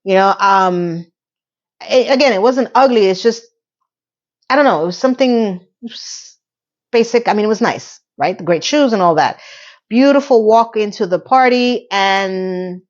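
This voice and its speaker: Woman TV recap vlogger, mid-pitched, casual and animated, slightly muffled recording. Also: a little slow. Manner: animated, talks to viewers, playful asides.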